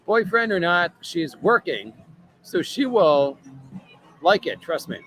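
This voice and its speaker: A man's voice: sits high, sing-song, slow, fairly bright tone, soft background music, low-quality recording. A man chatting casually on a livestream in a bar or restaurant, reading viewer comments and rambling with lots of fillers, often tagging "right?" onto his sentences. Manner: rambling, filler-heavy, keeps asking "right?". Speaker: live streamer reading viewer chat.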